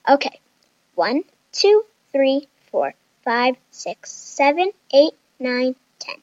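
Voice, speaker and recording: Brief: woman playing a dramatic, easily panicked young woman, very high and shrill. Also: very animated, slow, darkish tone, dry recording, muffled recording, exaggerated voice. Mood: eager. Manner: shrill and whiny.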